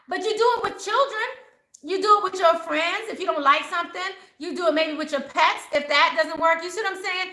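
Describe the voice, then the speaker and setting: High, bright-voiced woman in a roomy space. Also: normal speed. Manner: animated, acts out quoted voices. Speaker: spiritual advisor. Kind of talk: casual talk to viewers. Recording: roomy echo.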